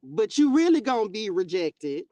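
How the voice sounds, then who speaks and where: A woman voicing the Lord as a patient, all-knowing male figure who speaks in a plain, folksy way and warns gently. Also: medium pitch, sing-song, normal speed, dry recording, close to an everyday voice. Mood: warning. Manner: conversational, warning, folksy.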